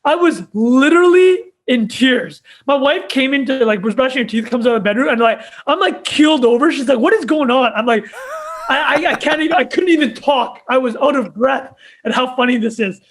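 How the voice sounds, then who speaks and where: A man's voice: very high-pitched, fairly quick, fairly bright tone. A young man co-hosting a podcast, telling a story in casual chat and laughing often as he goes. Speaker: podcast co-host.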